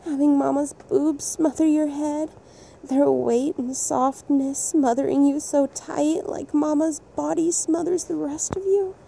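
A woman voicing a doting, motherly furry cow-woman creature in an intimate adult audio role-play, speaking softly and soothingly with a breathy coo. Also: high voice, fairly even intonation. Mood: eager. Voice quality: soft, cooing and breathy. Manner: slow, soothing and affectionate, hushing often.

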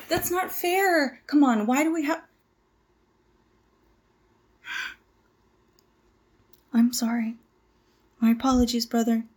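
A woman's voice: fairly high pitch, a little mellow. Woman playing a flustered young cult recruit. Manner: flustered, stammering, apologetic. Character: nervous young woman joining a cult, eager to please. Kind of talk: audio drama monologue.

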